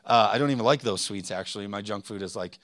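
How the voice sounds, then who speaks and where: Speaking fast in a lowish, fairly bright voice, this thirty-something pastor tells a personal story during his sermon. The studio recording is clean with no room sound. He wanders off track, jokes at his own expense, and fills the gaps with ums and restarts.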